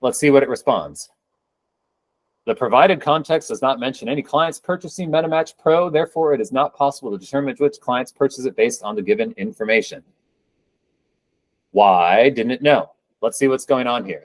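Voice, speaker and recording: A man's voice: medium pitch, expressive, moderate pace, no room sound, rough recording. A man presenting a live coding demo at a meetup, talking casually with upbeat, joking asides.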